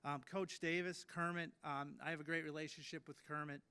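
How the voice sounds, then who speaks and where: A man's voice: a little high, flat delivery, fairly quick, pushed and bright, clear, resonant tone. A man in his late thirties giving an induction speech at a ceremony, telling stories in a self-deprecating way with many fillers and restarts. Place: ceremony hall.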